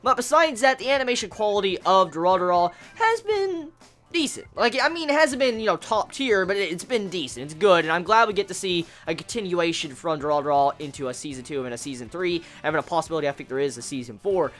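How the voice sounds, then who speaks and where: A woman casually reviewing an anime episode, excitable and foul-mouthed, her pitch jumping up when she gets worked up. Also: fast talker. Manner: excitable, swears, with big jumps in pitch.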